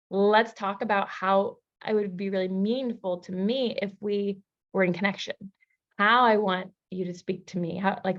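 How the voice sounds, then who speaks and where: A woman's voice: mid-range voice, lo-fi sound. Woman coach teaching a relationship masterclass. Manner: lively storytelling, casual fillers. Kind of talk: masterclass teaching with personal stories.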